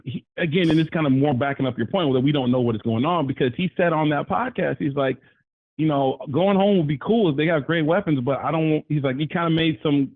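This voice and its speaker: A man calling into a live sports talk show, rambling and animated, often jumping his voice up to quote people. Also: fairly high pitch, no echo, low-quality recording. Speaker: caller.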